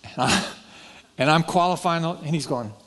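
A man preaching with a fairly high voice. He tells a personal story from the pulpit in a folksy, self-deprecating way, acting out what each person said. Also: normal speed, noisy background. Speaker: pastor. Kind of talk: sermon storytelling.

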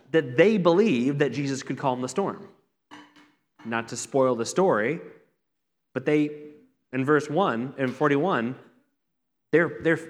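A man, a pastor, giving an earnest, conversational sermon with repeated phrases. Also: mid-range voice. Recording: long reverb from a hall.

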